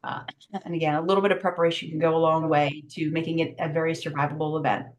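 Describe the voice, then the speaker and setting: A middle-aged woman giving a virtual safety training, brisk and emphatic with many fillers, over a video call. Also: sits low, flat delivery, a little hiss or hum.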